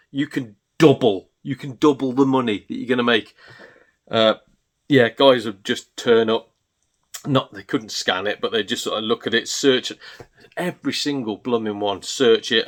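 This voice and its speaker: A man's voice: mid-range voice, fairly bright tone. A man with an ordinary mid-range voice, ranting in a casual, chatty way. He sounds exasperated, and his stories run on with lots of asides. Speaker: gaming YouTuber.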